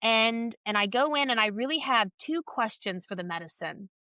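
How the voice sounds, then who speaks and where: A woman with a bright, forceful voice pitched a little high tells her own story on a podcast, candid and animated, reenacting conversations as she goes. The sound is close and dry. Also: moderate pace, no echo. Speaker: podcast guest. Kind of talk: casual personal storytelling.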